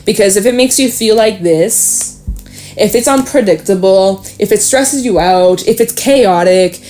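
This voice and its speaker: A woman giving a casual tarot reading, talking straight to the listener, chatty and swearing freely, animated at times. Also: mid-range voice, unhurried, faint music behind. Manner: animated, with sudden laughs and exclamations. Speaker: tarot reader.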